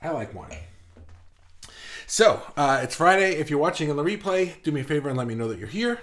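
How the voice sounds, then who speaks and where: A man hosting a casual live stream, talking quickly and a little out of breath, chatting with viewers and reading their comments aloud. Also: fairly high pitch, very animated, a bit bright. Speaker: host of an online art group livestream.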